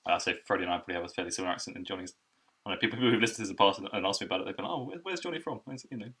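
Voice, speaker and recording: A young man from England hosting a casual podcast chat, telling stories quickly and animatedly. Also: low voice, husky. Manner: rapid, animated storytelling with laughs.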